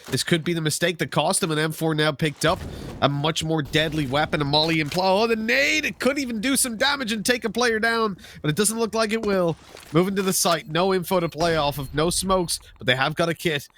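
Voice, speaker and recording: A man doing play-by-play esports commentary, joking and getting excited on big plays. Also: fairly high pitch, a little hiss or hum.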